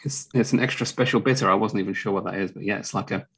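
A man's voice: on the low side, quick pace, a bit bright, husky. A man with a London accent co-hosting a beer podcast, joking in casual crude banter. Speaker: podcast co-host. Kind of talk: casual chat.

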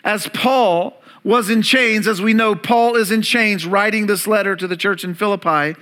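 A man with a high, bright voice preaches a sermon as pastor. He leans on key words, repeats phrases for emphasis and throws questions out to the congregation. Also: normal speed.

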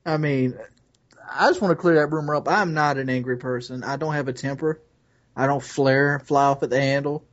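A man's voice: mid-range voice, fairly even intonation, normal speed, highs cut off. A man co-hosting a casual podcast chat, blunt and joking about his own temper. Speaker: podcast co-host.

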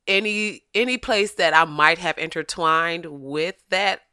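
Animated, laughing podcast host with a bright voice. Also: mid-range voice, measured pace, clear, resonant tone, no echo, clean studio sound. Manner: animated, laughs often, slips into quoted voices. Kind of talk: casual comedic podcast chat.

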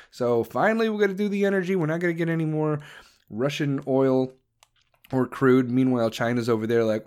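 A man's voice: medium pitch, a little fast, a little mellow, clean tone. A man hosting a profane political rant, crude, heated and sarcastic. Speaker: commentator host.

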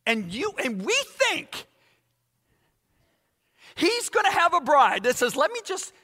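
A man's voice: very high voice, wildly swooping pitch, slow pace, pushed and bright. A man in his sixties preaching a sermon with emphatic, dramatic repetition. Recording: echoey hall.

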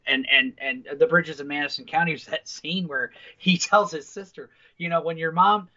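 A man's voice: fairly high pitch, normal speed, bright, forceful tone, highs cut off. A man co-hosting a podcast, telling rambling, profane family stories in casual chat. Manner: profane, rambling anecdotal storyteller. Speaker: podcast co-host.

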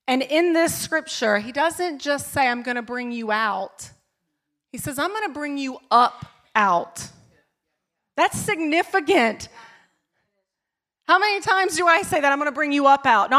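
A middle-aged woman pastor preaching a sermon, emphatic, repeating key phrases and dropping to a near-whisper in personal moments. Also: fairly high pitch. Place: church service.

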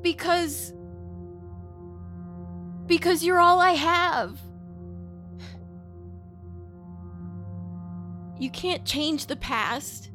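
A woman's voice: a little high, fairly bright tone. A woman voicing a tearful, forgiving young plant-born girl in a tabletop game, pleading as she breaks into tears.

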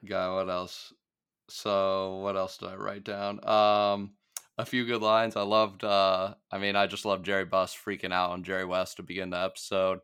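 A man co-hosting a podcast, chatting casually about a TV episode, laughing often and relaxed with fillers. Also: low-pitched, normal speed, clean tone. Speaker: podcast co-host.

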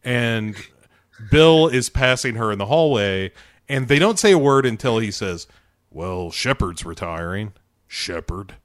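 A man's voice: mid-range voice, animated, unhurried, no echo, studio quality. A man casually recapping a TV episode with a co-host, animatedly acting out lines, swearing and laughing. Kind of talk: casual chat.

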